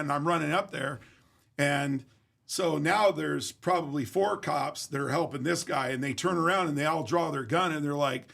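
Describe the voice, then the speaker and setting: Gravelly-voiced man telling a blunt story. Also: fairly high pitch, fairly bright tone. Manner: blunt, profane, emphatic retelling. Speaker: guest. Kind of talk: casual storytelling.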